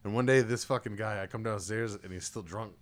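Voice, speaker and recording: A man's voice: fairly low pitch, brisk. A man hosting a casual podcast, telling rambling, profane stories. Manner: profane, rambling storytelling with laughs. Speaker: podcast host. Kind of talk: casual chat.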